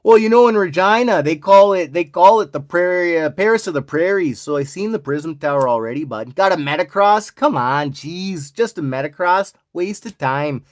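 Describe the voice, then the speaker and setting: A man's voice: high voice, lively intonation, moderate pace, few pauses. A man in his forties voicing an exaggerated Canadian hoser guy, drawling folksy lines in a put-on Canadian accent. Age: 40s. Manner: drawling, ends lines with "bud" and "eh".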